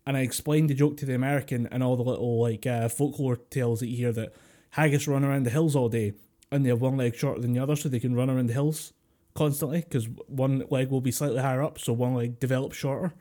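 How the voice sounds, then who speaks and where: A Scottish man co-hosts a casual podcast and tells jokey stories full of swearing and fillers. His voice is mellow and warm, at a middling pitch. He is recorded over a voice chat call from home. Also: fairly even intonation, fast talker. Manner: swearing, joking storyteller with many fillers. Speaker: podcast co-host. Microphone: computer mic over a voice chat call.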